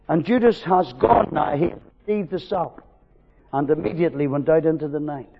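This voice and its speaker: A man preaching a sermon, swinging from loud fervent declarations to hushed storytelling. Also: a little high, animated, moderate pace, gravelly, husky. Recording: dull recording with long hall reverb.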